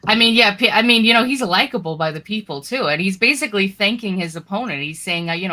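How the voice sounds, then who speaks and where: A woman's voice: mid-range voice, expressive, fast, hardly any pauses, sharp tone. A woman co-hosting a political talk show, chatting casually with lots of "you know" fillers and reading news stories aloud. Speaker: podcast co-host.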